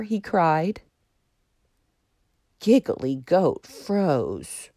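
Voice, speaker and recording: Expressive woman reading children's stories. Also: sits low, takes it slowly, no echo, clean studio sound. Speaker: children's story narrator. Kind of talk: scripted storybook narration.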